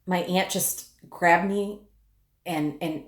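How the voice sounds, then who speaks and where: A woman with a fairly low voice shares a personal story straight to camera, candid and emotional, with swearing slipping in freely. Her voice rings in an echoey room. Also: steady tone, takes it slowly. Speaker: widow telling her story.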